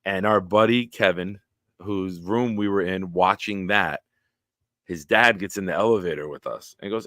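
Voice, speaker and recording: Man, casual stream host, animated storyteller, dry close sound, low forceful voice. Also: moderate pace, no echo. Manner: animated storyteller, acts out quotes loudly. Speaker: podcast host. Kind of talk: casual live-stream chat.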